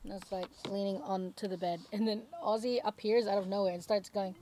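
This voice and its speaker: A woman's voice: medium pitch, fairly even intonation, fairly quick, dark tone, a little hiss or hum. A young woman, co-hosting a casual podcast outdoors in her garden and telling chatty anecdotes with giggles. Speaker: podcast co-host. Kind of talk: casual chat.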